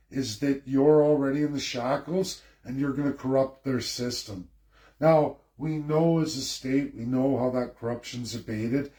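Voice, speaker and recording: Man ranting in an echoey room. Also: mid-range voice. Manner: forceful, lecturing, repetitive. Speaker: political commentator. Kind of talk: ranting political livestream.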